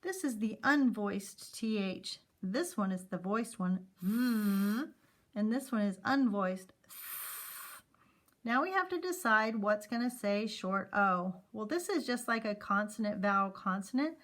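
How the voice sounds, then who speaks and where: Slow, patient woman teaching phonics. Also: mid-range voice, animated, a bit bright. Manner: slow, clear sounding-out of letter sounds; encouraging teacher talk to children. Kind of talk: phonics lesson for young students.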